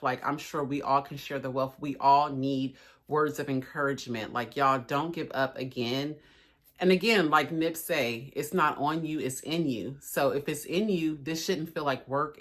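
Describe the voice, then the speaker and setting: Low-voiced chatty woman vlogger. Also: fairly bright tone. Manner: chatty, encouraging, says y'all a lot; emotional, voice cracking at times. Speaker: lifestyle vlogger. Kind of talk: casual motivational vlog talk.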